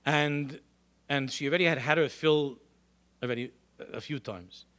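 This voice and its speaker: A middle-aged male rabbi lecturing a congregation in a synagogue, telling animated stories and throwing out rhetorical questions. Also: on the high side, normal speed. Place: synagogue hall.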